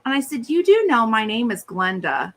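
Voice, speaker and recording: A woman's voice: on the high side, normal speed. A middle-aged woman co-hosting a casual chat, telling funny stories and acting out the people in them. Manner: animated, acts out quoted voices. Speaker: podcast co-host.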